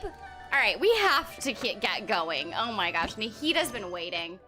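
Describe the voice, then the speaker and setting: A woman's voice: fairly high pitch, very animated, moderate pace, sharp tone, soft background music. A young woman chatting casually to viewers on a game stream, bubbly and giggly, rambling from topic to topic. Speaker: streamer and voice actor.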